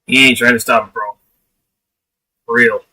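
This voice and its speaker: A man's voice: mid-range voice, little pitch movement, normal speed, sharp tone. A man hosting a casual livestream chat, blunt and laughing often, swearing freely. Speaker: livestream host. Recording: voice distant from the mic.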